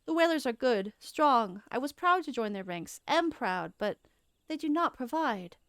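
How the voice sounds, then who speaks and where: On stream, a woman reads game dialogue for a treacherous, greedy male soldier, pitching her high, fairly bright voice above her natural one and acting it heavily. Defensive, he pleads in a panic and then turns to gloating, all at an unhurried pace with lively intonation. The studio sound is clean, with no room echo.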